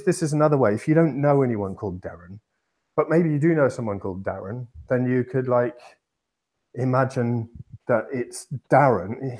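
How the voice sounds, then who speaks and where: A man's voice: medium pitch, darkish tone. A man from England co-hosting a podcast, explaining at length in a casual, rambling way with many restarts. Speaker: podcast co-host.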